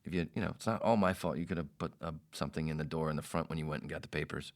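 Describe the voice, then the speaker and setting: A man's voice: very deep voice, steady tone, very fast, few pauses. A man hosting a podcast, telling a rambling, profane story in a casual way. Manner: rambling, profane, self-interrupting. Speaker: podcast host.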